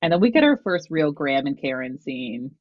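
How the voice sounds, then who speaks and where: A woman's voice: low voice, a little fast, no room sound, highs cut off. A woman co-hosting a podcast, chatting casually about a TV show and telling family stories with lots of laughter. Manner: animated storyteller, laughs a lot, acts out quotes. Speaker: podcast co-host.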